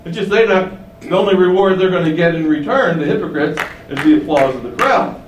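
A man's voice: high voice, fairly quick, roomy sound, distant mic, slight background noise, rough recording. A man preaching an expository sermon in a conversational way, often asking rhetorical questions and building up emphasis. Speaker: pastor.

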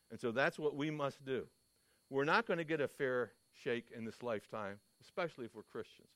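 A man's voice: medium pitch, a little fast, a bit bright, no room sound. A man preaching a sermon, telling stories and asking his listeners questions with emphasis. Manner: emphatic, storytelling, asks the audience questions.

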